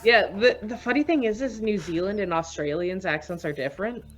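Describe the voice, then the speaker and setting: A woman's voice: medium pitch, brisk, soft background music. A Canadian woman co-hosting a live stream, chatting casually and laughing often. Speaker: stream co-host.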